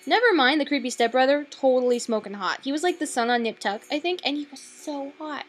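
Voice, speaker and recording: A young woman delivers a loose, sarcastic film review from home late at night, her voice sitting a little high and leaping up and down as she goes. She swears freely and pads her talk with fillers, and a faint hiss sits underneath. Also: expressive, a little fast. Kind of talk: casual rambling film review.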